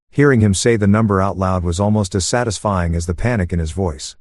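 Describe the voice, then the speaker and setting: A man narrating a first-person story in a calm, smug, even way, meant for falling asleep. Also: low voice, a little fast, hardly any pauses, no echo, clean studio sound.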